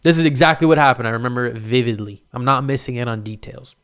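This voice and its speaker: A young man telling a story to friends, loose and profane, with a medium-pitched voice. He gets animated and slips into voices for the people he quotes. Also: fast, clear, resonant tone. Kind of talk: casual storytelling.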